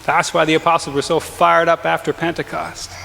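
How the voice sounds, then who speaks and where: A male pastor giving a lively, conversational sermon with quick asides and chuckles, in a church. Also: a little high, vocal fry, a little hiss or hum. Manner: energetic, conversational preaching with frequent asides and laughs. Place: large church. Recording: long hall reverb in church.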